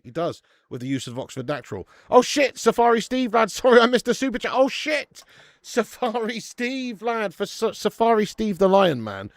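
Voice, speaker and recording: Excitable lad hosting a livestream. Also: male voice, mid-range voice, no room sound. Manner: excitable, laughs often, bursts of shouting greetings. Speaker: football watch-along host. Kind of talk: casual live-stream chat.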